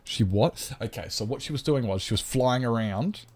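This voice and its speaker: A man's voice: medium pitch, normal speed, a little mellow. A man with an Australian accent chatting casually on a game live stream, rambling and joking and swearing freely.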